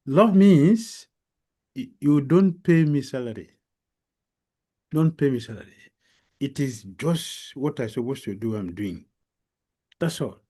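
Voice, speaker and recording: A man giving a devotional lecture as a spiritual teacher, telling a story slowly and with emphasis, with many pauses and fillers. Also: mid-range voice, darkish tone. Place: lecture hall.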